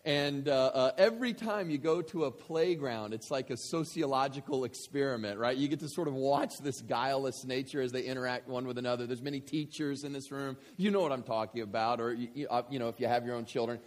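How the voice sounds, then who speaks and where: A man in his thirties, a pastor telling a story in a sermon, going from hushed to shouting. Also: medium pitch, brisk, hardly any pauses, big-room sound. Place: church hall with audience.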